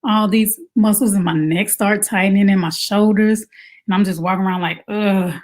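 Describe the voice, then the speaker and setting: Animated woman coaching moms. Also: mid-range voice, fairly quick. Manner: animated, acts out quoted moms in exaggerated voices; conversational, with rhetorical questions. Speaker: self-care coach for mothers. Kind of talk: casual advice talk to camera.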